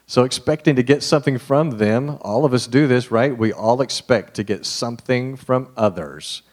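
A man preaching a conversational sermon to a live group. He talks to them directly and informally, and drops to a hushed voice to stress a point. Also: medium pitch, normal speed.

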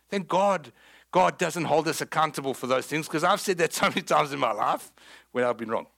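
A South African man delivers a sermon with a slightly higher voice. He tells the story with energy and humor, and breaks into the voices of the people he quotes. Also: animated, fairly quick, vocal fry, pushed and bright. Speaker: pastor.

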